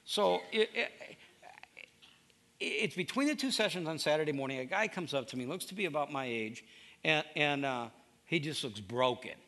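A middle-aged pastor delivering a sermon as if chatting with his listeners. His voice is gravelly and bright, and it rises and falls a lot. He tells stories in a conversational way and often stops to restart a sentence. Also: fairly high pitch, normal speed. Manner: conversational storytelling, animated with restarts.

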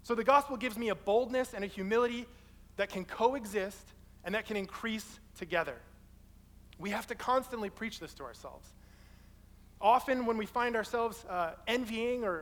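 A young man preaching a sermon in a casual, animated way, telling a personal story. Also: sits high, normal speed, big-room sound. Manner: casual, animated, acts out quoted people in his story.

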